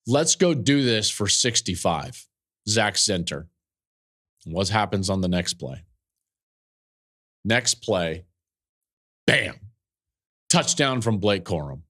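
A man hosting a podcast, telling the story of a game he called with animated emphasis and frequent restarts, speaking into a studio podcast mic. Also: medium pitch. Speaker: podcast host and football analyst. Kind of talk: casual analysis.

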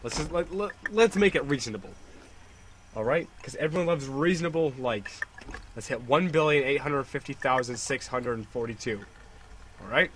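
Jokey young Canadian gaming host. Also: male voice, mid-range voice, normal speed, a bit bright, slight background noise. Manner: jokey, hyped outro delivery. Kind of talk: casual gameplay commentary. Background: background music.

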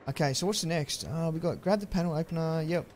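A young man chatting through a live-streamed game, excitable and prone to yelling thanks at viewers. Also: on the high side, fast, noisy background. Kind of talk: live-stream gameplay commentary.

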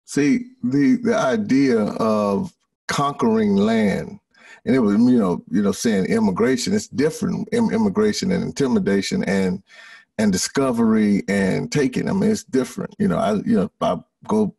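Gravelly, husky man on a distant call. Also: lowish voice, a little mellow. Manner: halting, stammering starts, emphatic. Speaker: podcast co-host. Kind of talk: casual conversation.

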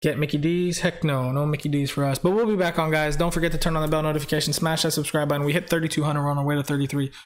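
This is a man with a somewhat high voice hosting a game live stream. He rambles casually, reads viewer names off the chat and laughs a lot between sentences. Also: level tone, racing, few pauses.

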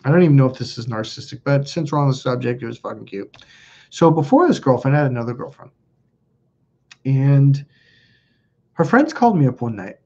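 A man's voice: mid-range voice, big pitch swings, fairly quick, long pauses, darkish tone, husky, dull audio. A man hosting a live stream, telling stories in a blunt, profane, self-mocking casual chat. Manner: blunt, profane, laughs at himself.

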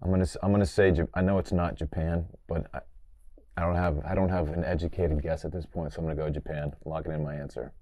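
A man with a very deep voice stalls and trails off as he gropes for quiz answers. The recording is dry and close. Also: little pitch movement, quick pace, dark tone, no echo. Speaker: quiz contestant. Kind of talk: casual comedic quiz banter.

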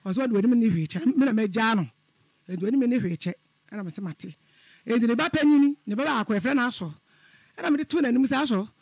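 High gravelly middle-aged male caller. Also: no room sound. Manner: earnest, repetitive storytelling. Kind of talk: telling a personal story on call-in radio.

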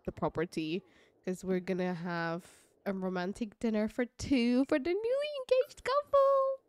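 A woman's voice: mid-range voice, dry recording, clean studio sound. A woman giving casual, chatty gameplay commentary, gushing and giggling as she goes. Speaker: let's play creator.

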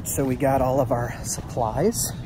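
A man's voice: medium pitch, fairly even intonation, measured pace, recorded from a distance. A young man narrating a casual vlog in a playful, rambling, self-mocking way. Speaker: vlogger. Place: car, pet store and park, indoors and outdoors. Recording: noisy handheld vlog audio.

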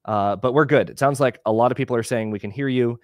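A man giving a relaxed live screen-share tutorial on a video call, explaining as he clicks through. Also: mid-range voice, fast, no echo, studio quality. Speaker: webinar instructor.

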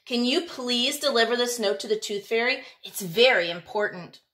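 A woman voicing a caring mother shark in a storybook, gentle in tone. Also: a little high, normal speed, lightly acted.

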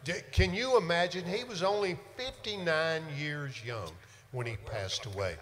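A man's voice: fairly high pitch, animated, normal speed, fairly bright tone. An older man, a singer hosting a livestream show and telling folksy, joking stories between songs. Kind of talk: casual banter between songs. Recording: reverberant room with music.

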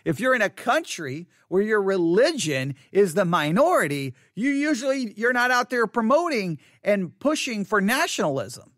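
A middle-aged American pastor talks straight into a close podcast mic, his voice pitched high for a man. He comments bluntly on a listener's email and sounds plainly exasperated. The room is dead dry, with no echo at all. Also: very animated, normal speed, hardly any pauses, a bit bright. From United States.

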